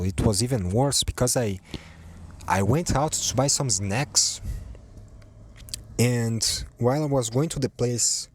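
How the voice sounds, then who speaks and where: A man's voice: low-pitched, no room sound, studio quality. A man hosting a casual solo podcast from home, rambling in a profane, self-deprecating way. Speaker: podcast host. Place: home, at his computer.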